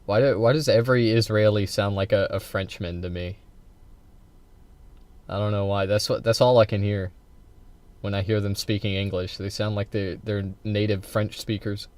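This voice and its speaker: A man's voice: on the low side, steady tone, normal speed, a little mellow. A man streaming political commentary, heated and profane, talking in restarts and tagging his points with "okay". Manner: talks to chat as "man" and "bro". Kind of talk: casual live-stream commentary.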